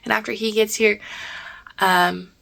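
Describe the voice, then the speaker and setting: A woman's voice: medium pitch, fairly even intonation, a little slow, vocal fry, a bit bright. A young woman author chatting casually in a vlog, emotional and talkative, sometimes dropping to a whisper, in her morning voice. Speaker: author vlogger. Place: at home and outdoors.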